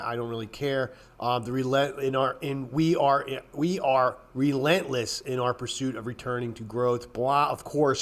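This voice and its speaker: A man hosting a casual trading show, rambling bluntly with profanity and frequent throat clearing, working up into exasperated rants. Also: medium pitch, steady tone, unhurried, few pauses, a bit bright. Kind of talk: casual market commentary.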